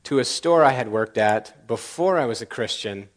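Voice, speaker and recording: A male preacher with a mid-range voice tells stories from the pulpit. He acts out each exchange with lively, jumping voices and chuckles at his own humor. Animated and conversational in tone. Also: mid-range voice, moderate pace. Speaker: pastor. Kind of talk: storytelling sermon.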